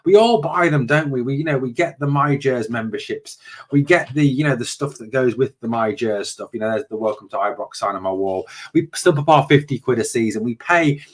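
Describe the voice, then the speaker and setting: A man's voice: mid-range voice, brisk. A man hosting a football channel and delivering a passionate, repetitive opinion monologue. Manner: passionate, ranting, repetitive emphasis.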